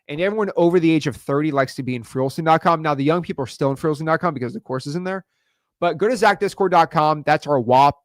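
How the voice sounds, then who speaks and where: A man coaching viewers in an energetic video lesson, fast, slangy and emphatic, repeating words for punch. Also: on the high side, no echo, clean studio sound. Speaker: real estate wholesaling coach.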